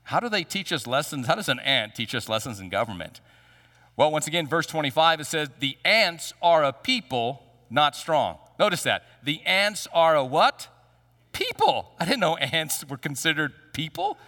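A man preaching a sermon as pastor. He speaks emphatically, with dramatic pauses and large swings in pitch. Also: sing-song, pushed and bright. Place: large church sanctuary. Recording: long hall reverb.

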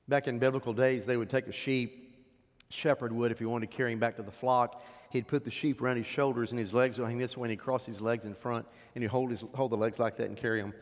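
A man preaching a sermon as a pastor, swinging from loud emphatic peaks down to hushed, quiet drops. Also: mid-range voice, fairly even intonation, fast. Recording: long hall reverb.

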